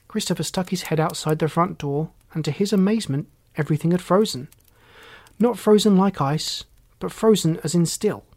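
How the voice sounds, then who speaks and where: A narrator reading a children's storybook aloud in a gentle, measured way. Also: mid-range voice, dry recording.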